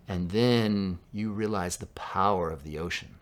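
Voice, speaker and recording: Pastor, male, lowish voice, laid-back conversational sermon. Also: unhurried, slight background noise. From Southern California. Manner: conversational preaching, drops to a hush for quoted lines.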